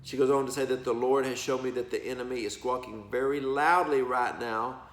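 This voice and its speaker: A man's voice: medium pitch, fairly even intonation, a little fast, a bit bright. Folksy preacher man, echoey room. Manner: folksy, emphatic, addresses listeners as y'all and baby. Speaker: preacher sharing prophetic words. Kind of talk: animated preaching to camera.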